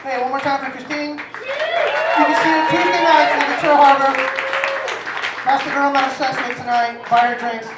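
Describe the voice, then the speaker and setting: Crude joking host, a woman, high voice, far mic in an echoey club, loud crowd behind. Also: lively intonation, normal speed, pauses often, very noisy. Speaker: show host. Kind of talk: introducing comics. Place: comedy club stage.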